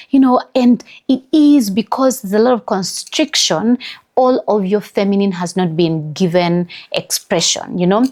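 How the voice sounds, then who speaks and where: Speaking a little slowly in a medium-pitched, slightly mellow voice, a middle-aged Ugandan woman hosts an earnest, emphatic motivational wellness talk. She has a Ugandan English accent and says "you know" often.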